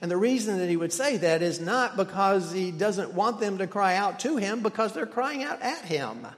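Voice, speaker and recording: A man preaches a sermon from the pulpit, earnest and questioning as he talks his congregation through the text. His voice sits high for a man. The sound carries a long reverb, as in a large sanctuary. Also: lively intonation, moderate pace. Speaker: pastor.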